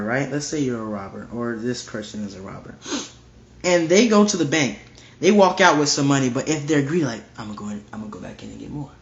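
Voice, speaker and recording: A man giving a casual verse-by-verse Bible study, reading scripture aloud and repeating his points with emphasis. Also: on the high side. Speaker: Bible teacher. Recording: roomy, dull lo-fi recording.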